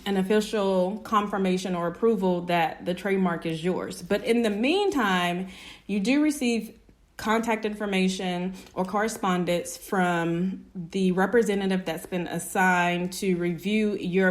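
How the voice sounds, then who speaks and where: A woman business owner telling a personal story to her viewers in an animated, emphatic way, often checking in with "right?". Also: medium pitch.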